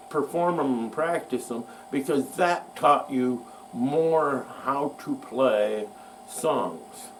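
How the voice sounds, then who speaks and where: A man hosting a show, talking about music history in a folksy, rambling way that pokes fun at himself. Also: mid-range voice. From United States. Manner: folksy, rambling, self-mocking. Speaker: podcast host. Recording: distant mic with faint mains hum.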